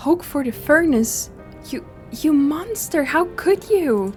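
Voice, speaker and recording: A woman's voice: sits high, animated, takes it slowly, faint music behind, pitched above the performer's own voice. A woman voicing a frightened young child who pleads for lost parents, reading game dialogue aloud. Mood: distressed.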